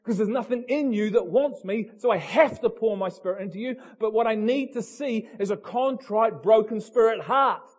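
A man's voice: high-pitched, moderate pace, few pauses. A man preaching a passionate sermon, talking bluntly and asking the congregation direct questions. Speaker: pastor.

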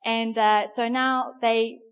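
A woman delivers a sermon as a lively, chatty storyteller, pausing often on little fillers. Her voice sits fairly high. The recording is muffled and lo-fi. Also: clean tone. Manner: conversational, animated storytelling with many fillers. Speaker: preacher.

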